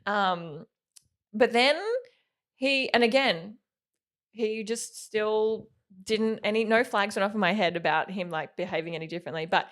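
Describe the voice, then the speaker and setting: A woman's voice: mid-range voice, measured pace. A young woman casually telling a personal story on a podcast, rambling and filling her sentences with "like". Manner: rambling, heavy use of "like"; animated when quoting.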